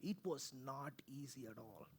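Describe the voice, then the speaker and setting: A man, preaching conversationally, swinging from loud to hushed and often asking "right?". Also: mid-range voice, lively intonation, normal speed, slight background noise. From India. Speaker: pastor. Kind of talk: sermon. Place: church.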